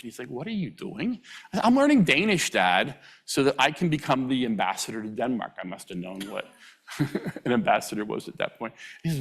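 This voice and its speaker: Animated male lecturer telling funny stories. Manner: animated, acts out quoted voices with sudden pitch jumps; humorous, chuckles at own anecdotes. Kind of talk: storytelling public lecture.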